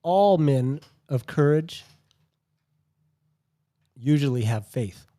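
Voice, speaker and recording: A man co-hosting a recovery podcast, speaking in a slow, earnest, reflective way. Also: fairly high pitch, lively intonation, warm tone. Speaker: podcast co-host. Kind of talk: reflective talk.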